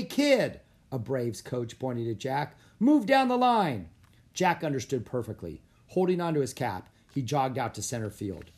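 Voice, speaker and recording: Husky, animated reader for a children's chapter book who punches up every shout. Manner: acts out shouts with sudden loud, high bursts. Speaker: audiobook narrator. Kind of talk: storybook read-aloud.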